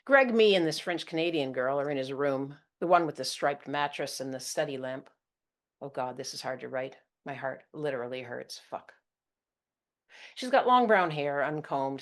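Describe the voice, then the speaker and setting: A woman's voice: very deep voice, normal speed. Woman reading a confessional story. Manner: confessional, intimate, blunt. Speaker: narrator of her own serial story. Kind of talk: first-person story reading.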